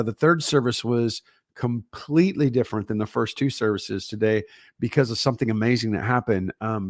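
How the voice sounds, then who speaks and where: A middle-aged pastor with a Texan accent greets his livestream viewers one at a time from home, chatting casually in an upbeat, rambling way. He speaks at an ordinary middle pitch, and the audio is dry and close with no echo from the room.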